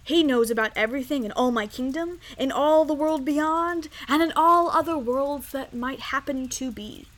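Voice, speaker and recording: Woman doing a loud blustering king. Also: high-pitched, normal speed, few pauses. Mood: commanding. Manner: loud and commanding. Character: blustering impatient male king.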